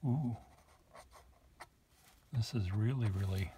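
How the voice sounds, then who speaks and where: A man's voice: fairly low pitch, slow, mellow, a little hiss or hum. A man showing pens to the camera in a casual, musing way, thinking aloud with small asides while he writes at a desk. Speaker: pen collector demonstrating nibs. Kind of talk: casual show-and-tell to camera.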